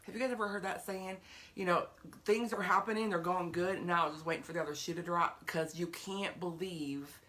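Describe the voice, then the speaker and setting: A woman's voice: fairly low pitch, fairly even intonation, a little fast, a bit bright. A woman giving an earnest, chatty talk on faith to her viewers, often repeating herself for emphasis. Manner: greets live viewers by name. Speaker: faith vlogger.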